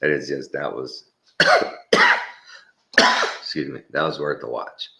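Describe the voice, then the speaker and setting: A man's voice: rumbling low, slow pace, vocal fry, very noisy. A man from Texas with a Texan accent, giving a rambling, casual opinion monologue. He chuckles often and repeats himself for emphasis. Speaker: commentary host.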